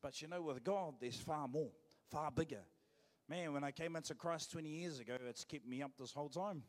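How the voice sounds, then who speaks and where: A man's voice: a little high, fairly quick, big-room sound. A man with a New Zealand accent, preaching a sermon as pastor in a joking, conversational way. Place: church.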